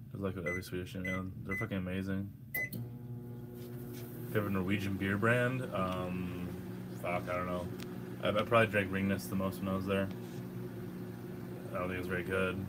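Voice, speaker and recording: A man's voice: low-pitched, heavy background noise. A young man hosting a casual livestream, hungover, reading chat questions aloud and answering in a laid-back, profane way.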